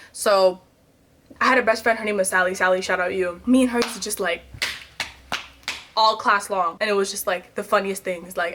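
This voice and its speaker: Animated young woman in a confessional vlog. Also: medium pitch. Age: 20s. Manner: animated storytelling with sudden loud outbursts and quiet asides. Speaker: vlogger.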